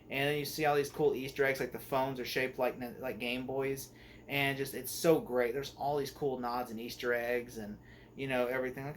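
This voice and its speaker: A man's voice: medium pitch, steady tone, normal speed, slight background noise. A young man giving a casual spoken movie review, rambling with many fillers and restarts.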